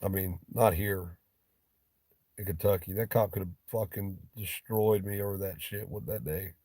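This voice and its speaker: A man's voice: low voice, steady tone, moderate pace, mellow, no echo. A man from Ohio hosting a casual livestream chat with viewers, talking in a blunt, profane, joking way. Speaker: livestream host.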